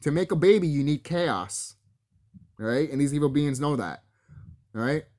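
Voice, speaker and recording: A man's voice: fairly high pitch, animated, measured pace, darkish tone. A man delivering a solo spiritual rant to camera, profane and confrontational, talking straight at his enemies and laughing between threats. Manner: breaks into laughter, mimics others in quotes. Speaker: vlogger.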